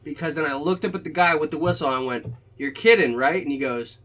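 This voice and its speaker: A young man hosting a casual podcast chat, telling lively stories and swearing freely. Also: on the high side, quick pace, rough recording. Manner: animated storyteller, swears a lot. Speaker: podcast host.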